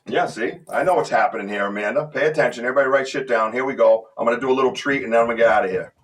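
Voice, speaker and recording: A man hosting a podcast in casual chat, excitable and talking in quick restarts. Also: mid-range voice, distant mic. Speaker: podcast host.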